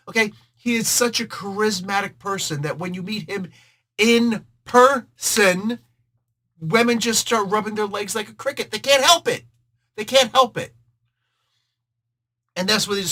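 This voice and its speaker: A middle-aged man hosting a casual comic book review, talking in an animated, jokey, rambling way with frequent restarts. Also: medium pitch.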